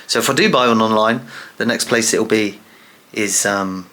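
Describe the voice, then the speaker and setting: A young man chatting casually to camera in a vlog, rambling and animated, with lots of fillers. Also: on the low side, moderate pace. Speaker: vlogger.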